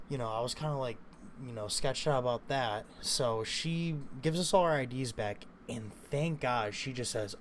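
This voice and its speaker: A man's voice: mid-range voice, normal speed. Young male vlogger, casual storyteller, rambling and profane, mid-range voice, faint noise. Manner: rambling, profane, lots of fillers.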